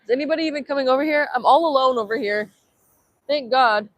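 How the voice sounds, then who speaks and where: Young woman vlogger, playful livestream chatter, higher voice, dry close sound, handheld phone outdoors. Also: fast talker, no echo. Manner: chatty, reads chat aloud, playful. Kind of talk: casual livestream chat. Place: outdoors at sunrise.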